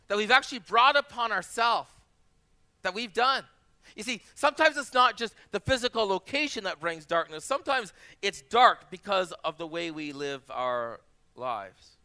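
His voice sits high and smooth: a forties-aged pastor giving a sermon. He relates personal stories with animation, voicing the people he quotes and repeating phrases to drive emphasis.

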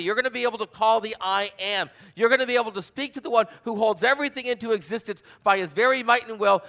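A middle-aged man preaching a sermon, swinging from loud emphatic passages to quiet, personal storytelling. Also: high-pitched. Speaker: pastor.

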